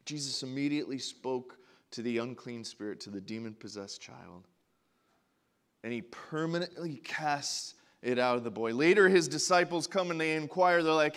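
A young man preaching a sermon to a congregation, passionate, going from quiet and low to loud and high when he acts out prayers. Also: normal speed. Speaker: pastor. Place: church before a congregation.

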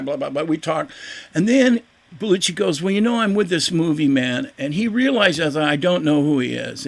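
Older man, gravelly voice, fairly high pitch, animated storyteller, interview guest. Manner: animated, acts out quoted voices. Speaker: guest musician. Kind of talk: casual storytelling.

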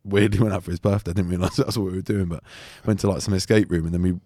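A man's voice: deep voice, fairly even intonation, very fast, warm tone, no room sound, clean studio sound. A young man co-hosting a podcast, chatting casually and animatedly, often mimicking other people. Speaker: podcast co-host. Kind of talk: casual chat.

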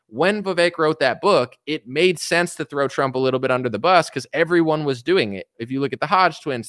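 A man giving casual political commentary on a stream, animated and mocking, acting out the people he quotes. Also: a little high, no echo, clean studio sound.

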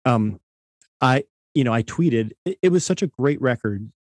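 Mellow-voiced interview host in a dry room. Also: male voice, mid-range voice, lively intonation, moderate pace, no room sound. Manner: rambling, admiring questions with restarts. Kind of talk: casual interview chat.

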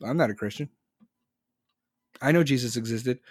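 A man's voice: medium pitch, moderate pace, no room sound, clean studio sound. A man in his forties in casual, profane, rambling chat, reading and answering comments from his audience.

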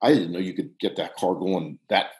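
A man in his sixties from Pittsburgh, telling a long personal story in a casual, halting way with frequent restarts. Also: deep voice. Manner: animated, halting with restarts, drops to hushed tones. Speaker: guest storyteller, former soccer coach. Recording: roomy echo.

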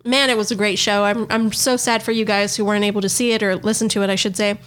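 A woman co-hosting a podcast, telling stories in a casual, animated way and laughing often. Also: medium pitch, fast. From Southern California. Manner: animated storytelling with frequent laughs. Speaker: podcast co-host. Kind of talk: casual chat.

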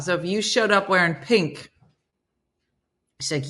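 A woman's voice: on the low side, unhurried, fairly bright tone. A woman hosting a casual live stream, chatting and storytelling as she reads viewer comments aloud and answers them. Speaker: host reading viewer comments.

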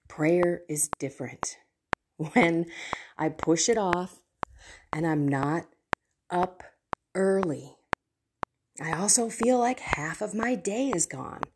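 A middle-aged woman hosting a faith podcast, talking earnestly about her prayer life with personal stories and soft asides. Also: lowish voice, animated, slow, pauses often, noisy background. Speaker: Catholic podcast host. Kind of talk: reflective faith talk.

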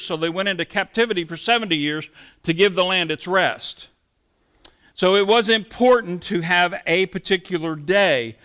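A man preaching a sermon with a high, bright voice. He teaches verse by verse in a relaxed, conversational way, then lifts his voice for emphasis. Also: smooth. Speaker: pastor.

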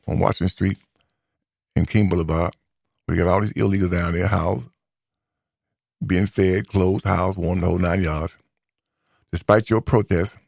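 Gravelly-voiced male radio talk host. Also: fairly low pitch, no echo, studio quality. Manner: emphatic, repeats key phrases. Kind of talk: opinionated radio commentary.

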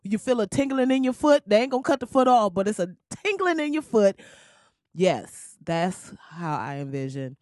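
A woman's voice: medium pitch, moderate pace, no room sound, clean studio sound. Laughing, slangy woman podcast host. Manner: loud, laughing, slangy and animated. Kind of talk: casual comedic podcast monologue. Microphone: crackly podcast mic.

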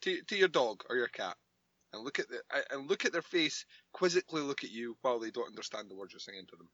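A man's voice: medium pitch, lively intonation, quick pace, a bit bright, dry recording, lo-fi sound. A man co-hosting a podcast, chatting wryly and laughing easily. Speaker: podcast co-host. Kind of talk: casual comedic chat.

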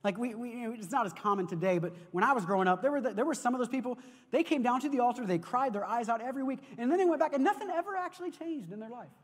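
A man preaching a sermon as pastor, telling stories in an animated way and often repeating words as he goes. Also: very high-pitched, rapid-fire. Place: church sanctuary. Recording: long reverb of a large hall.

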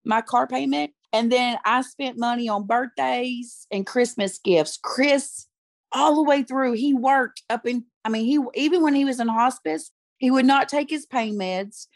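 A middle-aged woman tells her own story in an earnest, emotional way, often saying things twice for weight. Her voice sits a little high, and the recording is close and dry with no room sound. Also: a little slow, no echo. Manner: earnest, emotional, repeats phrases for emphasis. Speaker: guest, youth pastor. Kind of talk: personal testimony in conversation.

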